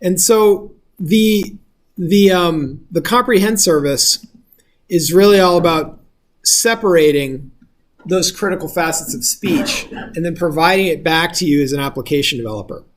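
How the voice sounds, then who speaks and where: A man's voice: a little high, unhurried. A male instructor giving a casual lecture, explaining step by step and often checking if the class follows.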